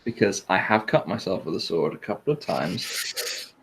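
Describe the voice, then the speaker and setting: A man's voice: sits low, very animated, normal speed, background noise. A man hosting a casual chat, rambling with hesitant fillers and laughing often. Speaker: podcast host.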